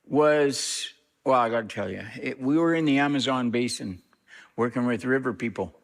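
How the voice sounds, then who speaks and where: A middle-aged reverend, a man, telling a story in an interview, lively and acting out what others said. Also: vocal fry. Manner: animated storyteller, acts out quoted speech with big pitch jumps.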